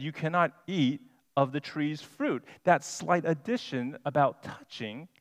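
A man preaching a sermon as pastor, deliberate and emphatic, stressing single words. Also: mid-range voice. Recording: long hall reverb.

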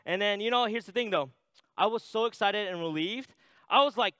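A man's voice: sits high, moderate pace, a bit bright, clear, resonant tone, no echo. A man preaching a sermon in a conversational way, reading scripture aloud and adding "right?" asides. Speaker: pastor.

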